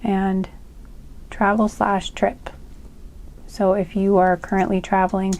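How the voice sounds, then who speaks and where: A woman's voice: medium pitch, level tone, slow, darkish tone. A young woman giving a casual card reading, chatty and full of "um" and "like". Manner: chatty, lots of fillers like "um" and "like"; giggly, laughing fits. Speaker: tarot reader.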